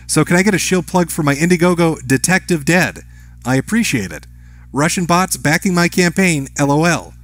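A man's voice: fairly high pitch, animated, moderate pace, fairly bright tone, no echo. A man reading out viewer messages on a live stream, answering each with brief offhand remarks. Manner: reads chat names and messages aloud, brief offhand replies.

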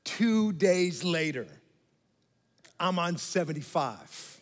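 A high-voiced man preaches to his congregation in a big church hall, and his voice rings with a long reverb. He tells an animated story, slipping into mock voices and turning often to the crowd with asides. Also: takes it slowly. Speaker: pastor. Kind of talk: sermon.

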